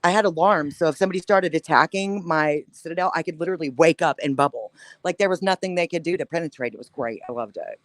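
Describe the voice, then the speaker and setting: A woman chatting casually on a panel, telling animated stories and laughing often. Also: low voice, fast, no room sound. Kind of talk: casual chat.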